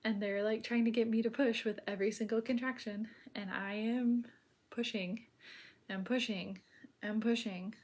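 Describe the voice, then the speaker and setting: A woman telling her own birth story in casual, rambling speech full of filler words, now and then dropping to a soft near-whisper. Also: on the high side, fairly even intonation, moderate pace.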